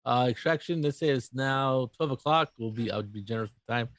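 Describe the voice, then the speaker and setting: A man narrating as game master of a tabletop role-playing game, halting and full of fillers. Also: mid-range voice, no room sound. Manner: halting, filler-heavy narration with quick voices for NPCs.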